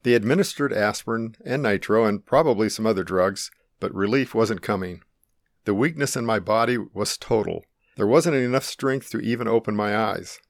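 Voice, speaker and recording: A middle-aged man calmly and earnestly narrating his own life-or-death experience in the first person. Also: fairly low pitch, normal speed, dry recording, clean studio sound. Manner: calm, earnest, reflective.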